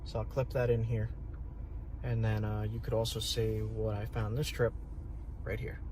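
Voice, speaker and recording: A man from Long Island narrating an outdoor vlog by a woodland creek, chatty and excitable, laughing often and talking straight to his viewers. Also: fairly low pitch, moderate pace. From Long Island, New York. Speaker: outdoors vlogger. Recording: outdoor recording with steady background noise.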